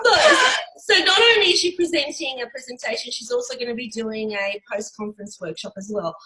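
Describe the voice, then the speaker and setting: A woman's voice: a little high, a little fast, echoey room, noisy background. A woman with an Australian accent hosting an interview, introducing her guest with enthusiasm. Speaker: interviewer and host. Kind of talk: interview conversation.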